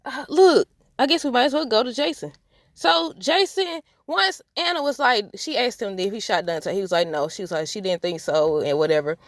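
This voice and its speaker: Woman, casual soap review, sassy, animated, higher voice. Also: no room sound, clean studio sound. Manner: animated, laughing, sassy asides to viewers. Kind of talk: casual chat.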